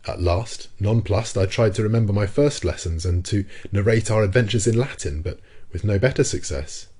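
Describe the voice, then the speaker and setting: Man for classic audiobook narration: measured and steady, deep voice with a husky grain. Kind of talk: scripted narration of a classic novel.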